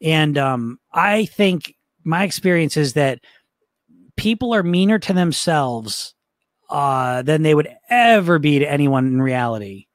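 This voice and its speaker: Give me an upbeat male coach lecturing casually, slightly high voice, dry recording. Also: very animated, unhurried, no echo. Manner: casual, upbeat, many fillers and "right?" checks. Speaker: weight-loss coach.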